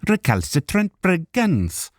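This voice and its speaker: Casting: pompous Welsh-accented elf ambassador, played by a man, high-pitched, indignant and flowery. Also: huge pitch swings, slow pace, dry recording, studio quality, heavily acted. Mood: outraged. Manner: outraged, ornate diction.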